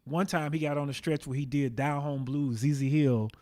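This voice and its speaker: A man from the Bay Area, a guest drummer, telling animated anecdotes and mimicking the people he quotes. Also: fairly high pitch, normal speed. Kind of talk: casual interview storytelling.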